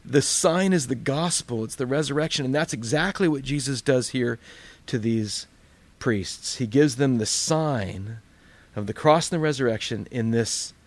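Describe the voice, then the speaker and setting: A man's voice: mid-range voice, no room sound. A man preaching a sermon as pastor, in a conversational, plainspoken storytelling way.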